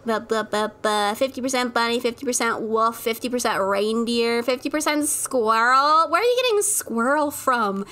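A woman chatting casually as she streams a game from her room at home, playful and quick to giggle. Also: fairly high pitch, animated, pushed and bright. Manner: giggly and playful, laughs often. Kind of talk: casual live-stream chat while gaming. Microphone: desk mic at a home streaming setup.

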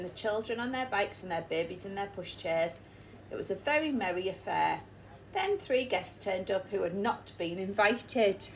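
A woman's voice: medium pitch, lively intonation, moderate pace, a little hiss or hum, rough recording. A woman teacher with an English accent reading a picture book aloud to children and asking them questions along the way. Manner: asks the listening children questions. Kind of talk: storybook read-aloud.

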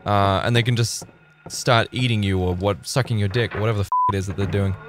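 A man in his thirties from Northern Ireland, commentating a horror game stream, excitable, yelling, swearing and putting on joke voices. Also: lowish voice, fast, loud music behind the voice. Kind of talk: let's-play stream commentary.

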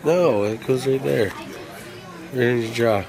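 A man's voice: medium pitch, unhurried, creaky, a crowd in the background. A man filming a casual vlog, brash and teasing, swearing constantly. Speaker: work crew boss filming a vlog. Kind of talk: profane casual chat. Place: outdoors at a work site and in a car. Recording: loud outdoor and traffic noise.

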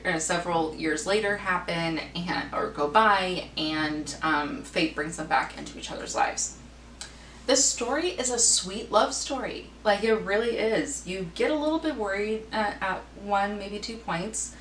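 A woman reviews books in a chatty, enthusiastic way, full of fillers and quick self-corrections. Her voice sits a little low. She sounds distant in a roomy space with a faint hum behind. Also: fairly bright tone. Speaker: book reviewer. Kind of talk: casual book review vlog.

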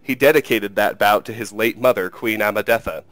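A man voicing a huge, jovial war chief who talks in a hearty, rumbling way. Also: a little fast, fairly bright tone, no room sound, lightly acted.

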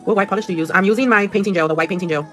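Her mid-range, fairly bright voice moves very fast as this nail artist chats casually on a livestream while working. Music plays behind her as she curses freely, slips into Spanish, and answers viewers' comments.

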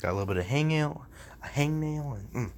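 A man's voice: a little high, animated, a little fast, a little hiss or hum. A man rambling in a goofy, jokey way from his room while practicing on a language app. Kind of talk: casual rambling commentary.

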